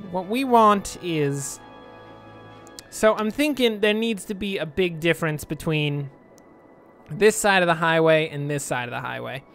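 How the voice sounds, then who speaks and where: A man giving casual, rambling commentary over a city-building game, with self-mocking asides. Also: sits high. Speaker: let's play gamer.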